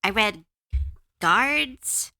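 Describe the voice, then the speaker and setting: Woman, livestream chat, swears a lot, bright tense tone, dry close sound. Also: medium pitch, animated, drawn-out words, no echo. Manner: profane, heated ranting. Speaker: streamer. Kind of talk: casual livestream chat while drawing. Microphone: close to a desk mic.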